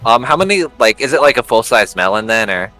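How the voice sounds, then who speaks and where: A man playing a tabletop game, blunt and sarcastic and quick to swear. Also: medium pitch, big pitch swings, pushed and bright, faint music behind. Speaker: player. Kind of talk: casual tabletop game chat.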